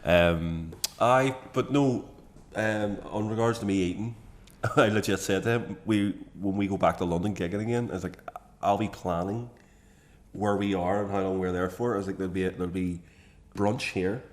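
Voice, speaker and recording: A man's voice: low-pitched, normal speed. A man with a Northern Irish accent chatting casually in a laid-back, jokey way, swearing. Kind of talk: casual chat.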